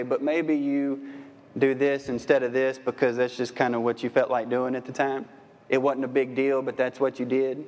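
Guy preaching, chatty folksy style, keeps asking the crowd questions, big echoey hall sound. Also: mid-range voice. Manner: asks the audience many rhetorical questions. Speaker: pastor. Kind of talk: sermon. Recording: long reverb of a large hall.

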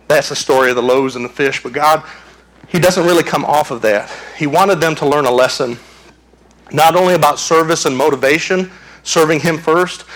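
A man preaching a sermon as a pastor, animated, acting out screams and voices while he tells the story. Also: mid-range voice.

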